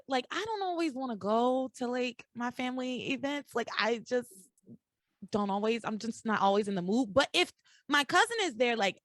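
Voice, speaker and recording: A woman hosts a casual podcast recap with a bright, lively voice that swings high and low. She tells the story animatedly, slips into characters' lines and swears freely. The sound is close and dry. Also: no room sound. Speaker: podcast host.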